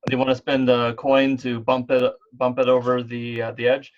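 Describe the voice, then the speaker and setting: A man's voice: mid-range voice, flat delivery, moderate pace, muffled recording. A man running an online tabletop game as game master, talking in a rambling way full of fillers and restarts. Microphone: online voice call.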